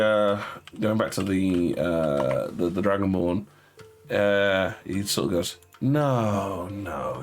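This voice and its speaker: A man narrating as game master of a tabletop game, halting with fillers and restarts. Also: fairly low pitch.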